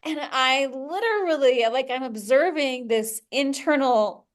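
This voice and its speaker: A woman's voice: sits high, slow pace. A young adult woman hosting her own podcast, speaking candidly and animatedly, laughing and swearing freely. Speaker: podcast host. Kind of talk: personal podcast talk.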